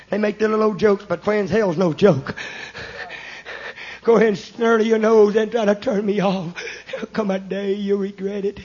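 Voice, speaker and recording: High-voiced preacher guy shouting hellfire, emphatic, muffled lo-fi tape sound. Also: fairly even intonation, normal speed, long pauses. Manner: emphatic, addresses listeners as "friend", rising to shouts. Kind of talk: fiery hellfire sermon. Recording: dull lo-fi recording.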